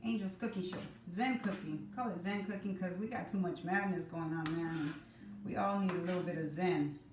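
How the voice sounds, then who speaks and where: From her home kitchen, a middle-aged woman hosts a casual live cooking class, chatting with viewers by name and teasing herself. Her voice is lowish and her pace moderate. The room is echoey and noisy, and the mic sits at a distance.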